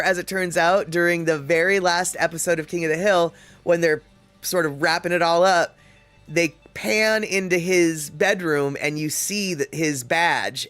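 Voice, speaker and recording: Male streamer host, slightly high voice, chatty and laughing, faint music under. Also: a bit bright, no room sound. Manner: chatty and laughing often, reads comments aloud. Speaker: livestream host. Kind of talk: casual livestream chat reading viewer comments.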